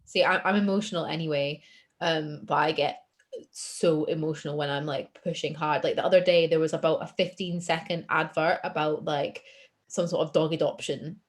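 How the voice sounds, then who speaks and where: A woman's voice: low voice, steady tone, moderate pace. A woman guest on a podcast, talking openly and self-deprecatingly and laughing easily. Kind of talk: casual chat.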